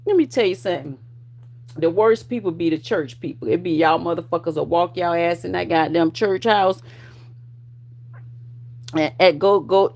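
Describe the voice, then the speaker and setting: A woman in her forties ranting at her online viewers, profane and confrontational, with loud bursts of laughter. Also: lowish voice. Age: 40s. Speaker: vlogger.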